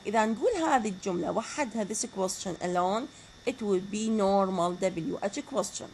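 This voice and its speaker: A woman's voice: medium pitch, quick pace, a little mellow, a little hiss or hum, poor audio. A woman with an Iraqi Arabic accent and Arabic as her first language, giving a university lecture and often asking the class questions and repeating key words. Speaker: teacher.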